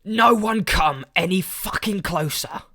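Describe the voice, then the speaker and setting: A man acting out a big, furious man who shouts and swears on a train. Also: sits high, unhurried, pitched above the performer's own voice, full character voice. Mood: furious shouting. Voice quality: bellowing, swearing.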